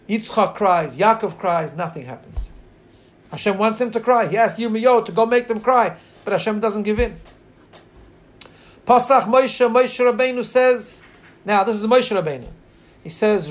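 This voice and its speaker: Male Torah teacher, high-pitched, earnest storyteller who drags out quoted lines and stops to find his place. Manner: pauses to share screen and look up text. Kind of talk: Torah class.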